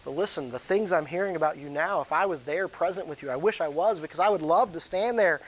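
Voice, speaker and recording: A man preaching a sermon in a church, talking loosely and warmly to the congregation, with sudden loud rises in his voice. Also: on the high side, quick pace, hardly any pauses, poor audio. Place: church sanctuary.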